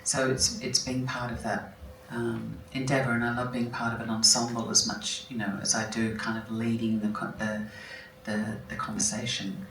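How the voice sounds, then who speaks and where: A woman's voice: very deep voice, flat delivery, normal speed, few pauses, a bit bright, slight background noise. Reflective woman in a roomy hall. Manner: reflective, with many restarts and self-corrections. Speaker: film actress, guest at an onstage conversation. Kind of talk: conversational interview answers. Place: large hall at a festival talk. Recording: roomy, distant mic, faint ambience.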